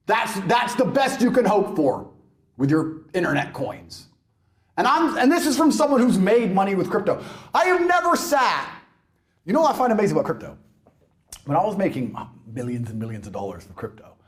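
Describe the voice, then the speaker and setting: A man ranting on a podcast in a brash, mocking and emphatic way. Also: a little high. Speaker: podcast guest. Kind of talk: provocative podcast rant.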